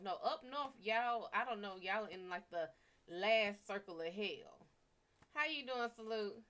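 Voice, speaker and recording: A woman's voice: a little high, animated, measured pace, a bit bright. Sassy woman chatting on stream. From American South. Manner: sassy, profane, chatty with viewers. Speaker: live stream psychic reader. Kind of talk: casual live-stream chat.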